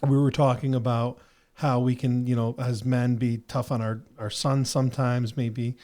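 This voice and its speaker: A male podcast host talks things through in an earnest, meandering way. He leans on fillers as he works toward his point, in a relaxed conversational tone. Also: mid-range voice, moderate pace. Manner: earnest and rambling, with many "you know" fillers. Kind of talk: reflective casual conversation.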